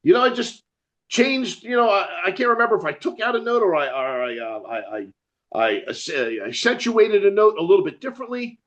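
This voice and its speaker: A man's voice: high-pitched, animated, fairly quick, a bit bright, lo-fi sound. A man with a New Jersey accent, a metal musician chatting as an interview guest, rambling, swearing freely and laughing often. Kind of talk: casual chat.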